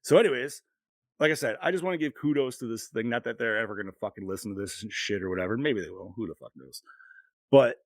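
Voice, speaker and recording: A man's voice: medium pitch, animated, fast, vocal fry, no room sound. A middle-aged man co-hosting a podcast, telling long rambling stories full of swearing in casual chat. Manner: profane, rambling storytelling. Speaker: podcast co-host.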